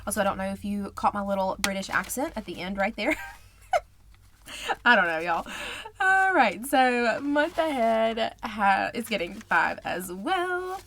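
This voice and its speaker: A woman budgeting vlogger chatting casually and counting cash in a quiet, murmured voice. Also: medium pitch, very animated, a little slow, a little hiss or hum. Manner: chatty, counts money under her breath.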